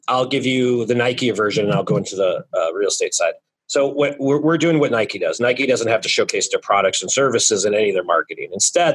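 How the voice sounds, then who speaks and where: A man guest in a casual interview, talking in energetic, joking bursts about his marketing business. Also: lowish voice, slightly rough, poor audio. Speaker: guest, real estate marketing business owner.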